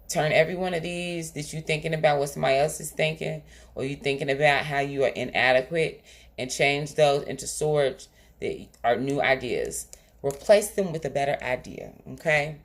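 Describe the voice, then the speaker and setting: Woman tarot reader, low voice, casual, emphatic, teasing, keeps asking "okay?". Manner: emphatic, repeating and checking in with "okay?". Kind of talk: direct-to-camera tarot reading.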